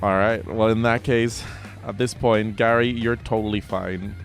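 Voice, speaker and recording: A man's voice: on the low side, fairly even intonation, normal speed, soft background music. A man running a tabletop game as game master, describing scenes vividly and at length with plenty of fillers.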